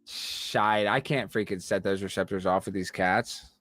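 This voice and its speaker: A brash man hosting a casual livestream, reading viewer messages and breaking into sudden yelling outbursts. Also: low-pitched, steady tone, unhurried, dry recording, studio quality. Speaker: livestream host.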